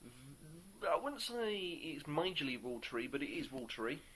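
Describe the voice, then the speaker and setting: A man reviewing a beer on camera in a casual, upbeat way, pausing often to search for words. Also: a little high, expressive, a bit bright, slight background noise. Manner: upbeat and enthusiastic.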